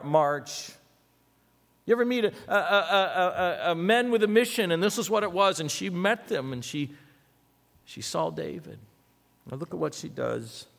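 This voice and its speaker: A man preaching a sermon, reading scripture aloud with asides and swinging dramatically between loud and hushed. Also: high-pitched, gravelly. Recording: long hall reverb.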